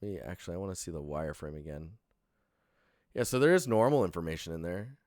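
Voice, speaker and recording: A man's voice: low-pitched, quick pace, darkish tone, no room sound, studio quality. A young man giving a casual, rambling live-stream portfolio critique, sleepy and full of fillers and restarts.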